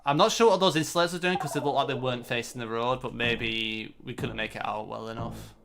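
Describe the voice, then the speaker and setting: A man's voice: medium pitch, quick pace, gravelly, background noise. A man giving live commentary on his own competitive game, frustrated and self-critical. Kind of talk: live-streamed match commentary.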